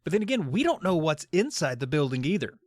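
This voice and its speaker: A man's voice: a little high, sing-song, fast, a little mellow, dry recording. A male podcast co-host in casual comedic banter, riffing in a playful, mock-serious way.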